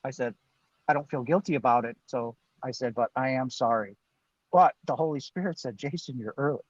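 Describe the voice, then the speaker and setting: A man's voice: mid-range voice, fairly quick, no room sound, dull audio. A middle-aged man, a guest on a livestreamed interview, telling his story in an earnest, emphatic way and often adding "right?". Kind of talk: storytelling in a live-streamed interview. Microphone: video call.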